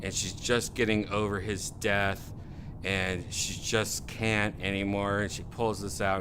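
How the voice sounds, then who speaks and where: A man's voice: fairly low pitch, flat delivery, a little slow, noisy background. A man hosting a podcast, in loose casual chat with rambling, laughing riffs. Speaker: podcast host.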